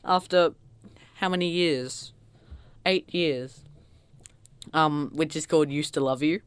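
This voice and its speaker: Podcast host chatting casual, smooth voice, dry close mic, keeps jumping into loud silly quotes. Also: medium pitch, measured pace, no room sound. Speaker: podcast co-host reviewing an album. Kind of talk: casual chat.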